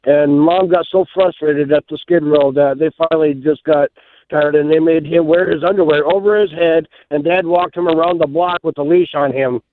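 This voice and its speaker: A man's voice: fairly high pitch, steady tone, moderate pace, no room sound. A man calling into a radio show, telling a childhood story in an easygoing, chatty way. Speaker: caller. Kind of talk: phone-in storytelling. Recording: tinny phone line.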